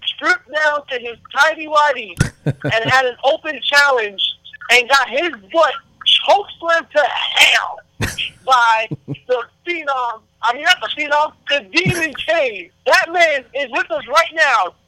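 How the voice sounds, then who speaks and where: A man's voice: extremely high pitch, unhurried, pushed and bright, no room sound, low-quality recording. A man hosting a podcast, introducing a guest in an upbeat, emphatic way. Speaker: podcast host. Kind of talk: podcast interview.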